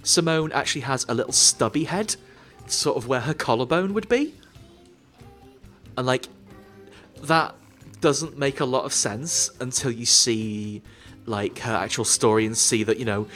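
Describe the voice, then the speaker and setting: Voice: mid-range voice, measured pace, fairly bright tone, soft background music. A co-host of a casual game stream, explaining things in a chatty, rambling way with many fillers. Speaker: let's play co-host. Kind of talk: casual gameplay commentary.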